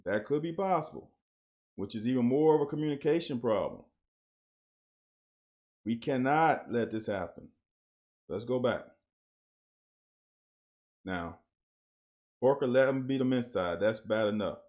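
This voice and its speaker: A man's voice: mid-range voice, measured pace, pauses often. Blunt man breaking down football film. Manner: coach-like, blunt, animated on big plays. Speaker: host breaking down game film. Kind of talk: casual football film commentary.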